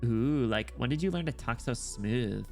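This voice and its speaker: A man's voice: medium pitch, animated, normal speed, darkish tone, soft background music, natural voice. Brief: male streamer reading a young woman envoy in a valley-girl drawl, flippant, "like" in every breath, game story read aloud. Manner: sprinkles "like" everywhere, breezy.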